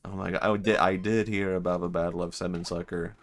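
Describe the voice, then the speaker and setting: Laid-back man, lowish voice. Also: flat delivery, fast, a bit bright. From Sweden. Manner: chatty, self-amused, laughs often. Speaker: streamer. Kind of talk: casual gaming stream chat.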